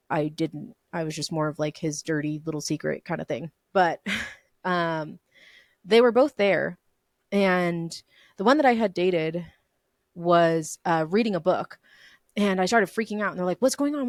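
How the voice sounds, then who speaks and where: A young woman hosts a podcast alone, casually recounting her dreams in a chatty way, laughing often and filling her speech with "like" and "um". Her voice is fairly low, and the recording is dry with a clean studio sound.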